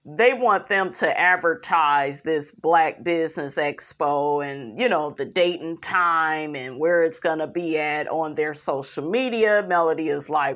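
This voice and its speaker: A woman's voice: low voice, measured pace, hardly any pauses, fairly bright tone, muffled recording. A woman vlogger recapping a reality show in blunt, sassy, profane casual commentary, calling viewers "honey".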